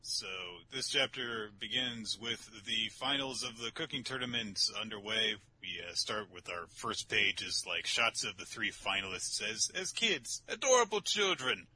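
A man casually recapping a manga chapter on a podcast, animated and sweary, often jumping into high mocking voices for the characters. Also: moderate pace, hardly any pauses, a little hiss or hum. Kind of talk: casual chat.

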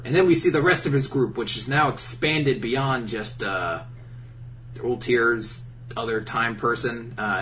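A man's voice: medium pitch, far from the mic, a little hiss or hum. A man casually recapping an episode on a podcast, swearing a lot and mocking the characters' lines. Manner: profane, animated, mocking character voices. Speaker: podcast co-host. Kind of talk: casual chat recapping an anime.

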